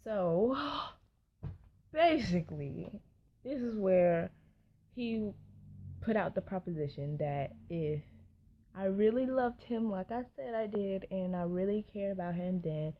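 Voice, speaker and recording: A woman's voice: mid-range voice, expressive, slow pace, pauses often, slight background noise. A young woman, telling a personal story in a casual storytime vlog, chatty and full of asides to her viewers. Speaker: vlogger. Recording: dull lo-fi sound.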